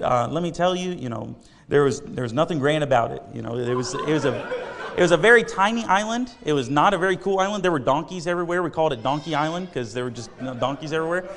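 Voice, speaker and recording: A man with a slightly high voice preaches a sermon, telling a story in a loose, rambling way. He leans on fillers and restarts as he goes. His voice rings through a hall with a long reverb.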